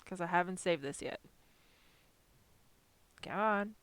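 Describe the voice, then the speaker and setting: A woman chatting casually on a live stream while designing stickers, self-deprecating and talking to her software as she works. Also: on the low side, takes it slowly, clear, resonant tone.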